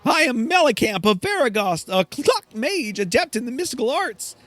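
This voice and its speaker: A man's voice: very high-pitched, sing-song, normal speed, fairly bright tone, no room sound, soft background music, pitched above the performer's own voice, exaggerated voice. A man voicing a flustered, pompous male chicken mage, cutting his archaic speech with clucks. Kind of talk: video game voice acting.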